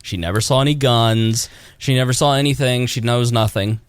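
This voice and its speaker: A man's voice: medium pitch, moderate pace, clear, resonant tone, no room sound, studio quality. Easygoing man podcast host. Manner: easygoing, short agreeing replies. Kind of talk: casual chat.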